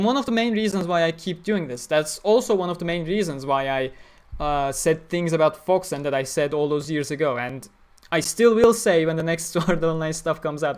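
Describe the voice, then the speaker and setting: A man chatting casually on a livestream, reading and answering chat with blunt, opinionated talk. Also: a little high. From Turkey. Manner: opinionated, blunt, talks through ideas with fillers.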